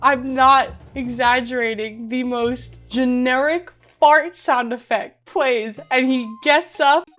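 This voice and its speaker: Young woman, comedic movie recap, animated, laughs a lot, swears, higher voice, faint music behind. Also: slow, hardly any pauses. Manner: animated, laughing often, swearing, acting out characters. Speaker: commentary host.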